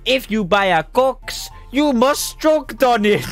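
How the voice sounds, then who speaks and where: Animated man reading absurd fill-in stories. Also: very high-pitched, no echo, faint music behind. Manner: animated, breaks into laughter, rushes asides. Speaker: streamer. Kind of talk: reading silly fill-in-the-blank stories aloud.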